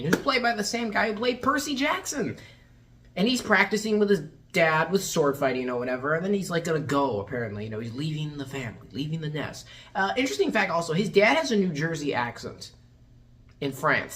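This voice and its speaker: A woman's voice: lowish voice, big pitch swings, brisk, fairly bright tone. A woman reviewing a movie in a casual rant, sarcastic and exasperated, swearing freely and acting out quotes in mocking voices.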